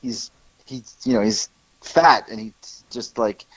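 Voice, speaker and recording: A man of about forty, co-hosting a podcast, telling stories in a sarcastic, animated way. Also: lowish voice, no echo, rough recording. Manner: animated storyteller, fast sarcastic rants. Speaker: podcast co-host. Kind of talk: casual podcast chat.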